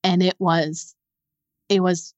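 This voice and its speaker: A young adult woman, a podcast guest, telling a painful personal story in a halting way, repeating words when it gets hard. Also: on the low side, level tone, darkish tone, dry recording, highs cut off.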